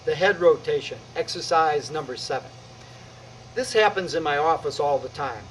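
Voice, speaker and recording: A middle-aged man with a fairly high voice leads qi gong exercises step by step. He talks with energy, punching out each strike with a loud "boom". Faint noise hums behind him. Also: normal speed, low-quality recording. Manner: energetic, emphatic, punctuating moves with "boom". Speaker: qi gong instructor. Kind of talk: demonstrating exercises on video.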